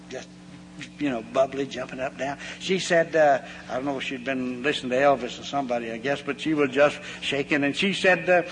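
A brisk, mid-range male voice delivers a folksy sermon, animatedly telling homespun stories and voicing the characters in them. There's a long hall reverb and a faint hum on the recording.

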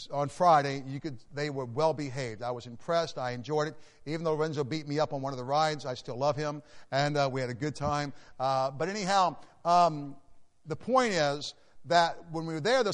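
Fairly high-voiced preacher in a reverberant hall. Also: male voice. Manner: emphatic preaching, repeats key phrases. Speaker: pastor. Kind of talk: sermon.

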